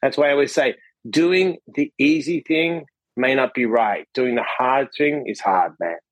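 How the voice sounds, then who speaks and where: A man guest on a podcast telling a personal story in casual conversation, animated and acting out what people said, often tagging his lines with a question. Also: medium pitch, unhurried, no echo, low-quality recording. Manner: animated, acts out quotes, frequent "right?" tags. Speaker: podcast guest, author and coach.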